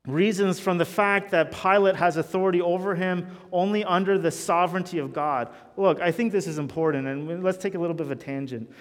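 A man's voice: high voice, fairly quick, hardly any pauses. Earnest preacher man in a reverberant hall. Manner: earnest, swings between loud emphasis and hushed intensity. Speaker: pastor. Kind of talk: sermon.

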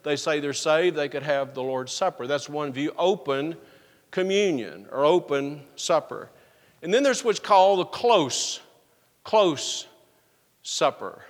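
A man preaching a sermon as pastor, reading scripture slowly and with emphasis. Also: a little high, lively intonation. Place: church sanctuary. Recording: long reverb of a church sanctuary.

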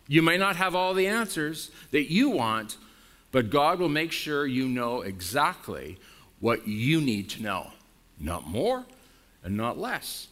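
Male pastor, mid-pitched, animated sermon delivery, blunt and emphatic. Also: slow. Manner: emphatic preaching with wide swings in pitch and loudness; direct, frank and blunt with the congregation.

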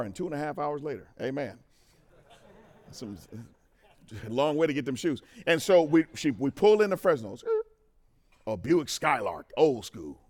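A middle-aged man giving a testimony sermon at a men's conference, talking straight to the crowd and moving from quiet to loud. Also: mid-range voice. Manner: animated, talks to the crowd, swings from quiet to loud. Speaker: conference speaker.

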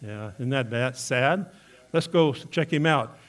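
A male pastor delivering a sermon in an earnest, questioning manner. His voice sits at an ordinary middle pitch, and he turns often to his listeners with direct questions. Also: slow pace. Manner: earnest, asks the congregation questions.

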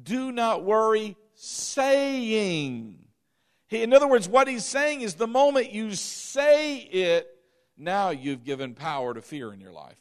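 A male pastor preaching a sermon in an emphatic, animated way, with sudden swings in loudness. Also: sits high, slow, clear, resonant tone.

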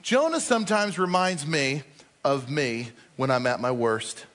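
A man's voice: mid-range voice, animated, measured pace, a bit bright, in a large hall. A man preaching a sermon as a pastor, telling stories and acting out the people in them. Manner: storytelling, acting out quoted speakers.

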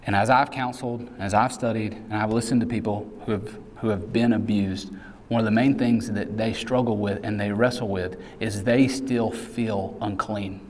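A man preaching a sermon in a relaxed, conversational way, mixing casual asides with acted-out quotes. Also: fairly low pitch, normal speed. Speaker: pastor. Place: large hall. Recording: reverberant hall sound.

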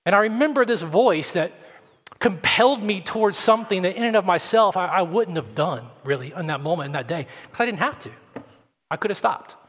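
A man's voice: high-pitched, a bit bright, breathy edge. A man preaching a sermon as pastor, earnest, often repeating words as he starts a sentence. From Atlanta, Georgia, US. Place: church sanctuary. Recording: long church-hall reverb.

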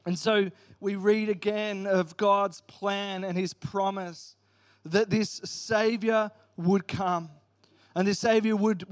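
A man preaching a Christmas sermon, retelling a Bible story in an earnest, storytelling way and reading passages aloud. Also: sits high. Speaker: pastor.

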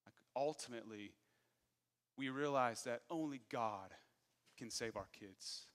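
A man's voice: medium pitch, unhurried, a bit bright, long reverb tail. A man in his thirties preaching a sermon, candid and self-deprecating as he tells stories from his own life. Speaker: pastor.

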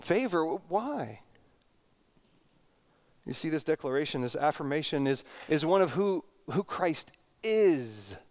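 Preaching in an earnest, reflective manner, this middle-aged pastor has a slightly high, sing-song voice. He slows for emphasis and frequently repeats words.

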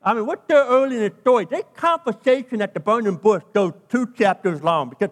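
A man's voice: sits high, animated, a little fast, few pauses, in a large hall. A British man, a pastor, preaching a sermon, emphatic and stressing key phrases by repeating and stretching them.

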